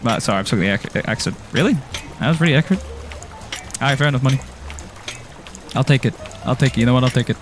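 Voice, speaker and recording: Lively Irish man streaming. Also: medium pitch, fast, pauses often, music in the background. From Ireland. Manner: rambling and jokey, laughs often, self-teasing. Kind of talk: casual gameplay commentary, chatting with viewers.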